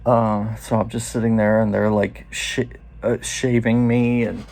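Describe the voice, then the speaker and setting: A man's voice: fairly low pitch, flat delivery, gravelly, a little mellow. A man in his forties telling a loose, profane story in a casual first-person way. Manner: loose and profane, quoting others in quick asides.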